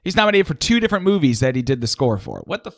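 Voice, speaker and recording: A man co-hosting a casual comedy podcast, chatting in a quick, offhand way. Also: fairly high pitch, big pitch swings, no echo, clean studio sound. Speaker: co-host.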